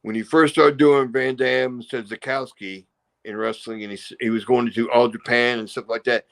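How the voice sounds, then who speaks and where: A man's voice: medium pitch, steady tone, normal speed, creaky, a bit bright. Man telling rambling wrestling stories. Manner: rambling, acts out quotes and crowd noises. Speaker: interview guest, former pro wrestler. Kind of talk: casual storytelling interview.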